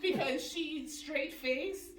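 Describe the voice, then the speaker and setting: A woman's voice: high voice, takes it slowly, crowd noise. A middle-aged woman from Trinidad and Tobago with a Trinidadian accent, chatting casually and acting out the people she quotes as she tells stories. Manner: animated storyteller who acts out the people she quotes. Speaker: host. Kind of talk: casual chat. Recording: roomy sound from a distant mic.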